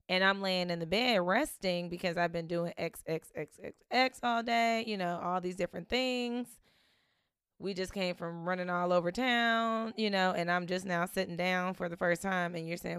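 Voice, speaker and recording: A woman's voice: fairly low pitch, steady tone, moderate pace, a bit bright, smooth, no echo, studio quality. A woman, hosting a casual motivational talk, chatty and laughing often as she quotes herself talking to her kids.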